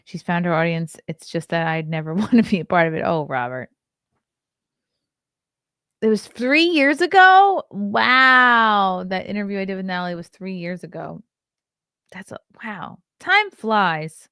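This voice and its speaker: A woman's voice: lowish voice, normal speed, a bit bright, clean tone, no echo, clean studio sound. Tired, chatty woman podcast host. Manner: chatty, rambling, reacts to viewer comments. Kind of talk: casual morning show chat.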